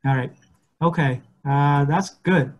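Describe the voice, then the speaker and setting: Man, English teacher, patient, slow demonstrations, video call, slightly high voice. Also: lo-fi sound. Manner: patient, repeats words slowly, code-switches. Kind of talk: online class instruction.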